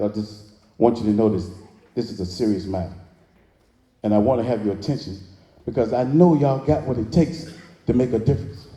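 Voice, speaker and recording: Brief: male speaker, very mellow dark tone, preacher-like call-and-response, big echoey hall. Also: mid-range voice. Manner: preacherly call-and-response, drawling Southern phrasing. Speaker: motivational speaker. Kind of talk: live inspirational speech to an audience. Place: large hall with audience.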